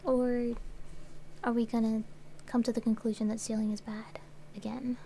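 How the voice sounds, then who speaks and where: A woman's voice: on the high side, level tone, moderate pace, warm tone, a little hiss or hum. A woman co-hosting a livestream in casual chat, playful and giggly, jumping from one idea to the next. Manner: playful, giggly, jumps between ideas. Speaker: livestream co-host.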